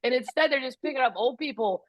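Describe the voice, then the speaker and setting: A middle-aged woman, a comedian, telling stories about caring for her parents with quick asides. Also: high voice. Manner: lively, animated delivery with quick asides. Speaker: guest comedian. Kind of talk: comic storytelling in a podcast chat.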